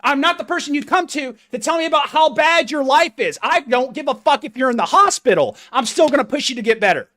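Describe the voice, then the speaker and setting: A man's voice: extremely high pitch, expressive, a little fast, hardly any pauses, bright, forceful tone. A fitness coach delivering a blunt, profane, confrontational motivational rant straight to his viewers.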